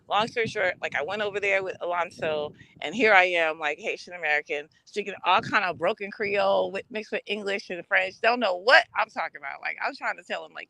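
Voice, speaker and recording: Bright-toned woman telling stories. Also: on the low side, quick pace, creaky, few pauses, a little hiss or hum, poor audio. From Brooklyn, New York. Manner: animated storytelling, acts out quoted voices. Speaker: host. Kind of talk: casual live-stream talk.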